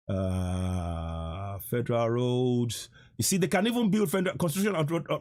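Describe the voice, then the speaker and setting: A man's voice: a little high, husky. A man hosting a live stream, delivering a fiery, emphatic political rant and repeating lines for effect.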